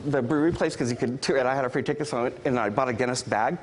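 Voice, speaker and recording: A man who is a guest on a talk show, telling funny stories in an animated way and jumping into high squealing punchlines. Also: rapid-fire, noisy background. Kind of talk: comic storytelling on a talk show.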